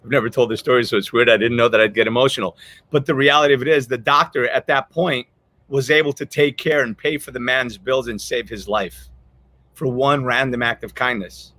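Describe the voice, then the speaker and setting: A man's voice: mid-range voice, fairly even intonation, fairly quick, bright, forceful tone, no room sound. A man hosting a podcast, telling a story in a rambling, earnest way with many restarts, choked up with emotion. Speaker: podcast host. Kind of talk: casual storytelling chat.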